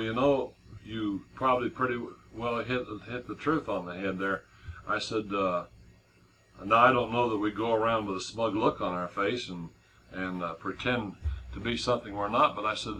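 A man's voice: on the low side, pushed and bright, slight background noise, low-quality recording. A middle-aged man preaching a sermon in a conversational way, with many restarts and repeated words as he tells a story.

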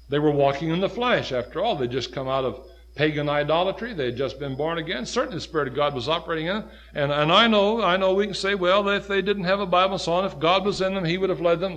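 A male preacher delivering a sermon with a somewhat high voice. His pitch swings widely as he climbs to emphatic, loud peaks and then sinks low and quiet. He reads scripture in its old wording. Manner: quotes scripture in old King James wording.

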